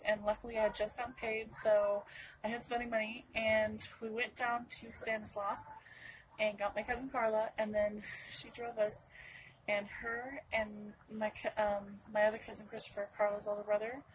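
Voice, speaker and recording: A woman's voice: mid-range voice, flat delivery, normal speed, a little hiss or hum, poor audio. A young woman from Northern California telling a personal story to camera in a rambling way, full of restarts and asides. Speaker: vlogger.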